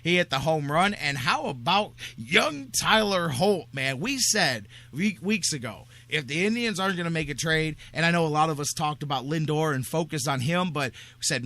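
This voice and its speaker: A man hosting a sports talk radio show, talking in an energetic, rambling, excitable way. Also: on the high side, normal speed, hardly any pauses.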